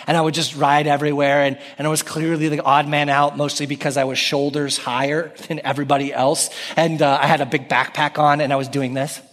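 A man in his thirties preaching a sermon as pastor, animated and calling out scripture with raised voice. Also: on the high side, brisk, few pauses. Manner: animated, calls out scripture loudly. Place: church sanctuary. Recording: long reverb of a church hall.

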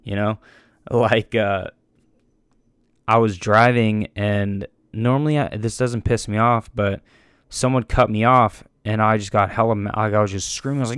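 Young man, casual rambling monologue, lots of swearing and restarts, lowish voice, dry close sound. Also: steady tone, normal speed, clean tone, no echo. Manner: rambling, profane, frequent restarts and fillers.

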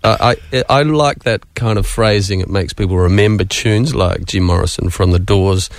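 A man, a musician guest chatting on the radio with dry, unhurried wit. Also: lowish voice, gravelly, no echo. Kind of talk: casual radio interview.

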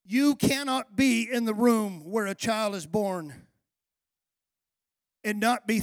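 Pastor, male, high gravelly voice, fervent sermon delivery that swells into shouting, dry close sound. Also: slow, long pauses, no room sound. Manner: fervent preaching, swelling to shouts on key phrases.

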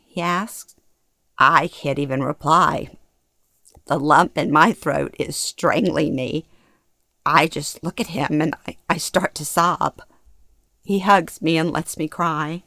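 A middle-aged woman from Louisiana reads her own memoir in a fairly low voice, earnest and openly emotional. The sound is close and dry, with no room around it. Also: unhurried, clear, resonant tone, no echo. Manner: earnest, emotionally expressive storytelling. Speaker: memoir narrator. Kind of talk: first-person memoir reading.

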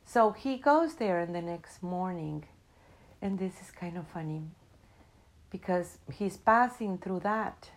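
A woman telling a spiritual story in a reflective, unhurried way, in English that is not her first language. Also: fairly low pitch, animated, rough recording. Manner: unhurried, reflective, non-native English grammar.

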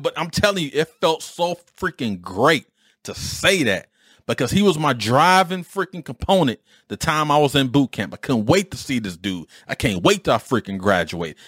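A man in his forties or fifties from Detroit, telling a casual story on his own podcast with an animated, streetwise delivery and mild swearing. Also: medium pitch, dry recording, studio quality. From Detroit, USA. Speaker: podcast host.

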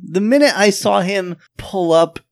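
Male podcast co-host, slightly high and very animated, quick quips, laughs often. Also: creaky. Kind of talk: casual movie discussion.

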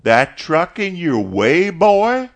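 A man's voice: fairly high pitch, sing-song, slow, pitched above the performer's own voice, exaggerated voice. A man doing a sputtering, furious farmer. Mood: furious, menacing. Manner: sputtering, shouting threats. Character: angry drunken white farmer, adult man.

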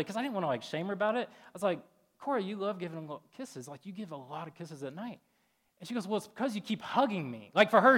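Male pastor, 30s, slightly high voice, conversational preaching style, animated storyteller. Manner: chatty, filler-heavy, jumps loud and high in animated retellings. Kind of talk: casual sermon.

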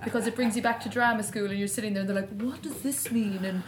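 A woman's voice: medium pitch, fairly even intonation, very fast, slight background noise. A woman with an Irish accent, an actor chatting frankly about a script, swearing and laughing as she talks. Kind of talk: casual chat. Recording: echoey room.

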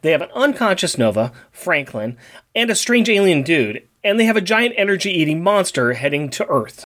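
A man co-hosting a casual comic podcast, teasing and quick to jump in with corrections. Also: high-pitched, big pitch swings, fairly bright tone. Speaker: podcast co-host. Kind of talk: casual comic book recap.

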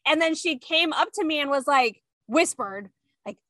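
A woman in casual chat, telling family stories in an animated way and acting out quotes. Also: high voice, normal speed, no room sound. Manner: animated storyteller, acts out quotes.

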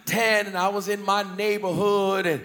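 A man from the US Northeast preaches at normal speed in a storytelling sermon, his very high voice tense as he animates stories, repeats questions, and bursts into shouting. Thousands are gathered in the large church hall, where the recording picks up heavy reverb.

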